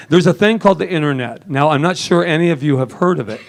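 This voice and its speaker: A man preaching a lively sermon in a church service, joking and laughing often with the congregation. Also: on the high side, fast talker, vocal fry, hardly any pauses. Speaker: minister.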